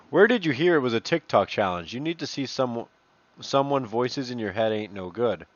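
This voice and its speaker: A man reads posts aloud in a casual commentary voice and breaks off into swearing and mockery. His pitch sits in a middle range. The sound is dull and slightly lo-fi, dry and close with no room echo. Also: expressive, normal speed. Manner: profane, mocking asides between read-out messages. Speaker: commentator reading online posts.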